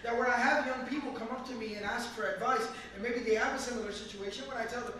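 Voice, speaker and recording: A man with a very high, bright voice teaches a Quran commentary lesson, pressing each point with earnest emphasis. He is recorded by a camera from some distance in a large mosque hall, so his voice rings with heavy echo. A faint hum of the room sits underneath. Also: fairly even intonation, quick pace, hardly any pauses. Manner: earnest, emphatic explaining with Arabic recitation. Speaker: Islamic teacher.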